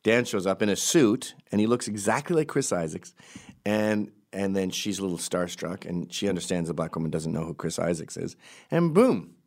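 A middle-aged man from Canada telling an animated story, jumping into high put-on voices and laughing mid-sentence. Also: a little fast, creaky. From Canada, raised in Quebec. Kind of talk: storytelling monologue.

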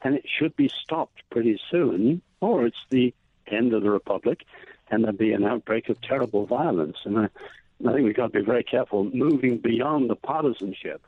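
Guest over a tinny, dry phone line: a man of middle pitch with a measured, emphatic delivery. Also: breathy edge, no echo. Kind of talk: political conversation.

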